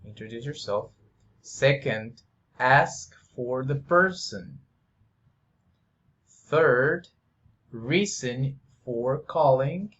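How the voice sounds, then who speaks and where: A man teaching English, slowly drilling example phrases and repeating them for the listener to practice. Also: medium pitch, animated, a bit bright. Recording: dull, lo-fi sound.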